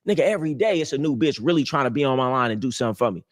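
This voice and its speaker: A young man talks straight into his streaming mic, hosting a live show. He sounds brash and boastful, his talk full of profanity and street slang. His voice sits at an ordinary, mid-range pitch. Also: expressive, rapid-fire. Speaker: livestream host.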